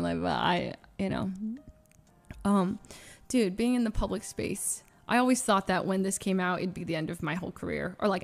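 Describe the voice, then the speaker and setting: Speaking low with vocal fry, a woman on stream opens up in an emotional confession to her audience. Her speech is halting and searching, full of restarts and fillers, with nervous little laughs plugging the gaps.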